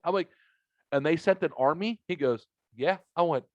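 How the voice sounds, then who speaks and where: A podcast co-host man spins profane, exaggerated stories with lots of animation. His voice sits somewhat high for a man. The recording is dry and slightly muffled, with no room sound. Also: expressive, a little fast, no room sound. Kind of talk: casual comedic storytelling.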